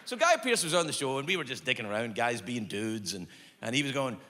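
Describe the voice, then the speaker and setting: A man doing stand-up, telling a story about a friend in an animated, sheepish way. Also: mid-range voice, fast. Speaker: stand-up comedian. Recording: live hall recording with noise.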